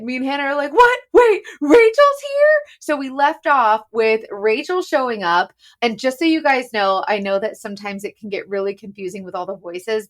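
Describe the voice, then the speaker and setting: Bubbly woman podcast co-host, fairly high voice. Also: a bit bright. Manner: bubbly, chatty, laughs often. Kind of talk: casual chat.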